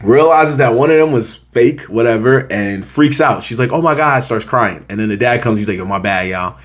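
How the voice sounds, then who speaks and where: Young male host, casual slangy review, lively storytelling with voiced reactions. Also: mid-range voice, moderate pace. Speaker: show host reviewing a series.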